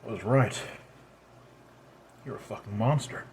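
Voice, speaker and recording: A man voicing a bitter, worn-out grown man who mutters bluntly and crudely in a tired, low-energy way. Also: unhurried, a little mellow, a little hiss or hum, lightly acted. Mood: bitter weary.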